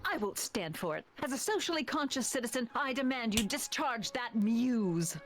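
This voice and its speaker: Actress voicing a prudish reformer, stern, disapproving, lively pitch, game music. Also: female voice, moderate pace, lightly acted. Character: prim, prudish older woman reformer. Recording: game audio with music bed.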